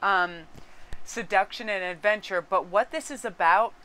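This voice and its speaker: A woman's voice: mid-range voice, normal speed, sharp tone, smooth. A woman giving a casual tarot reading, chatting with her viewers and aside to her cat. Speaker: tarot card reader.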